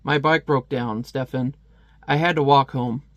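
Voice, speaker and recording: A man's voice: mid-range voice, fairly even intonation, a little slow, no room sound, lo-fi sound, lightly acted. A man reading a sullen young hero.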